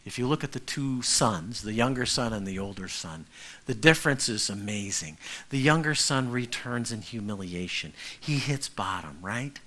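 A man's voice: on the low side, animated, normal speed, pushed and bright. A male pastor preaching a conversational sermon who keeps checking in with the congregation.

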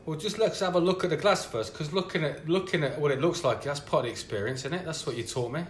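A man's voice: fairly high pitch, quick pace. A man co-hosting a casual beer-tasting chat, teasing his co-host in a dry, sardonic manner. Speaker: podcast co-host. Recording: echoey room, faint noise.

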